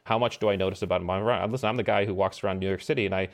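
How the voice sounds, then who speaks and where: Animated storytelling man, low voice. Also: very fast, creaky. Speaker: podcast guest, former Navy SEAL. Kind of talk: casual storytelling conversation.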